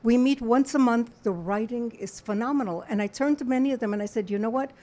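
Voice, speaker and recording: A woman's voice: a little high, quick pace, mellow. A woman with an accent, a guest author talking playfully on a talk show. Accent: foreign accent. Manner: playful, flirty, laughs often. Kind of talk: casual talk show interview.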